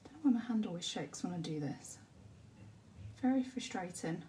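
A woman chatting casually during a livestream as she colours, often dropping to a soft murmur. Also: medium pitch, animated, moderate pace. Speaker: colouring channel host. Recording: distant mic with faint background hiss.

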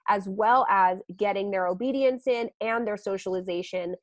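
A woman dog trainer talks through her program on a podcast in an animated, chatty way. Her voice sits mid-range for a woman. The recording is close and dry, with no room sound. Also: medium pitch, moderate pace, dry recording. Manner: animated, laughs often, acts out quotes. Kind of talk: podcast interview.

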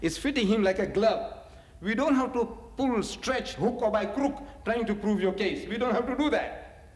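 A man's high voice at normal speed carries through an echoey hall as he gives a public scripture lecture. He's a religious lecturer who tells animated stories, chuckles, makes mocking asides and leans on repeated phrases for emphasis.

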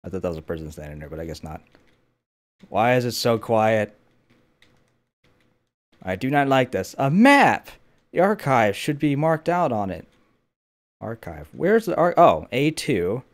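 A man's voice: medium pitch, very animated, a little slow, long pauses. A man hosting a casual gameplay video, joking, swearing and talking to himself as he plays. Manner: jokey, swears a lot, talks to himself. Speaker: gameplay host.

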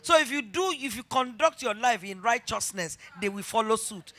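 A middle-aged pastor, a woman with a Nigerian accent, preaches emphatically in a voice on the high side. Animated and moderately paced, she barely pauses, repeating her lines as she works up to shouted exhortation.

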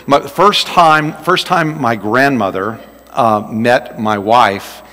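A man's voice: mid-range voice, slow, sharp tone. A man preaching a sermon as pastor, joking and folksy as he tells stories. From Louisiana. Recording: long reverb of a large hall.

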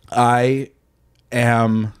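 A man's voice: medium pitch, clear, resonant tone. A man, telling a story in casual chat on a podcast, swearing freely and acting out the voices of the people in it. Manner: animated, swears freely, acts out quoted voices. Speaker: podcast guest.

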